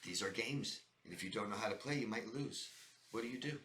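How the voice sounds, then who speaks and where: Slight background noise sits under this roomy recording of a fairly low-pitched man who talks a little fast in a slightly bright voice. He coaches viewers on life in a direct-to-camera monologue, saying "guys" and emphatically going over his points again and again.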